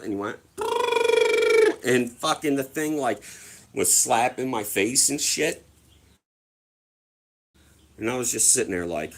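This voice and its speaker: A young man telling stories casually to his viewers, swearing freely and acting out other people's voices. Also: mid-range voice. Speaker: livestreamer.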